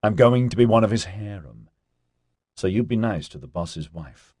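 A man's voice: on the low side, lively intonation, normal speed, darkish tone, slightly rough, no echo, clean studio sound. A man voicing a teasing young woman reporter in an audiobook. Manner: teasing, sly.

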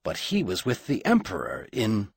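A man narrating an audiobook in measured, dramatic storytelling. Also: lowish voice, huge pitch swings, vocal fry, slightly rough, no room sound, clean studio sound.

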